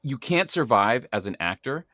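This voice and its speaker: A man hosting a podcast, chatting in a lively, emphatic way and acting out quoted dialogue as he tells stories. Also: mid-range voice, normal speed, dry recording, studio quality. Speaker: podcast host. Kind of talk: casual podcast conversation.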